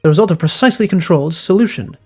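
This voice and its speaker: A man reading aloud the lines of an eccentric, self-assured gentleman detective in a grandiose, wordy manner, with faint game music behind. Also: sits high, animated, rapid-fire, breathy edge. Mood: lofty.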